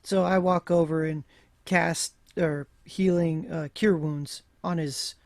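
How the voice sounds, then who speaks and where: A man playing in a tabletop game, relaxed and hesitant with fillers. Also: on the high side, takes it slowly, no room sound. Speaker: player. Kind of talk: casual tabletop play.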